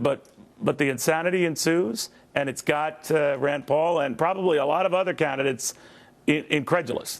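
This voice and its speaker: A man hosting a cable news interview, brisk and joking with quick asides. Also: fairly high pitch, gravelly. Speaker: TV news host.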